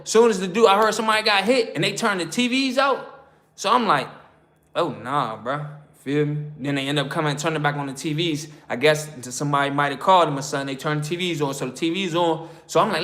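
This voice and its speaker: An American man spins a prison story in loose street slang. His voice sits a little high, and he keeps slipping into the voices of the people he quotes. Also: sharp tone. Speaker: prison story channel host. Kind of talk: casual storytelling.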